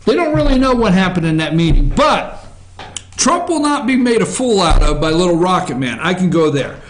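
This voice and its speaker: Animated, high-voiced man riffing on the news. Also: normal speed. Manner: rambling, sarcastic, chatty asides to crew. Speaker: talk show host. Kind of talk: opinionated news commentary. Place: office. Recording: echoey room.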